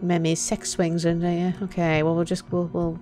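This let's play gamer has a lowish, dark, monotone voice and talks at normal speed. She swears freely and cracks jokes while getting startled by the horror game she's playing.

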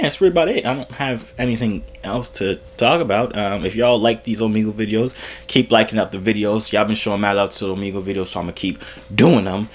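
A man hosting a casual vlog, talking in a relaxed, rambling and slangy way. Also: lowish voice, slight background noise. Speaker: YouTuber host.

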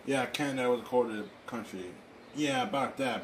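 A man improvising a fan drama, talking in a rambling, halting way with excitable exclamations. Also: medium pitch, background noise. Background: music.

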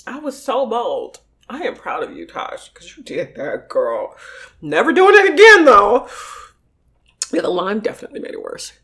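A woman's voice: fairly low pitch, very animated, moderate pace, few pauses. A woman vlogger eating very spicy wings, exclaiming and groaning over the heat. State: overwhelmed by spice heat. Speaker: mukbang vlogger. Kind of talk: casual eating vlog.

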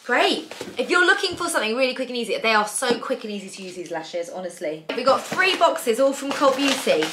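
A woman's voice: sits high, background noise. A British woman in her thirties, chatting playfully as she unboxes beauty products. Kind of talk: casual chat.

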